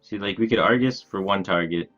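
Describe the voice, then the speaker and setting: A man's voice: low voice, a bit bright, lo-fi sound. A man streaming a card game live, thinking aloud through his moves and chatting casually with viewers. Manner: thinks aloud, plans moves in quick bursts; laid-back, talks to his chat casually. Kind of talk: live gameplay commentary.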